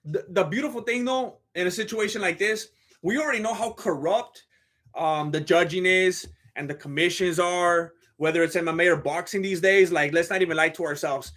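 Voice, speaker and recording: A man's voice: high-pitched, normal speed, fairly bright tone. A man hosting a live fight commentary stream, talking in a blunt, joking, chatty way.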